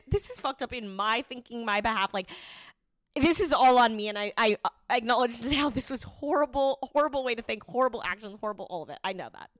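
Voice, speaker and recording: A young woman co-hosting a podcast, telling a story in a lively, casual chat, laughing and swearing freely. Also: on the high side, no room sound, studio quality. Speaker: podcast co-host.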